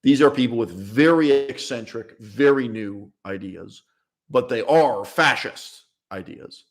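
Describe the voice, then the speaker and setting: Male streamer, emphatic and blunt, mid-pitch, laughs in between points, stream mic. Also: a little slow. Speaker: language channel host. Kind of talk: opinionated livestream monologue. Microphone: streaming setup mic.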